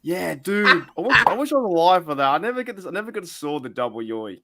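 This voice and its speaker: A man's voice: sits high, sing-song, fast talker, noisy background. An Australian man hosting a casual sports chat, talking loosely with lots of restarts and fillers. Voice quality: rambling, many restarts and fillers. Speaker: podcast host.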